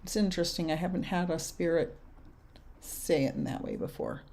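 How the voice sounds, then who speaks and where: A young adult woman medium giving spirit messages to viewers in a casual live chat, halting and soft-spoken. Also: fairly low pitch, big pitch swings, creaky. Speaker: medium answering viewer questions.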